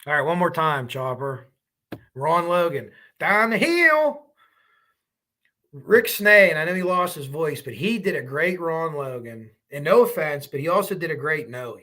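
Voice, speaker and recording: A man's voice: fairly high pitch, moderate pace, pushed and bright. A man hosting a true crime livestream, chatting casually and rambling as he reacts to viewer comments.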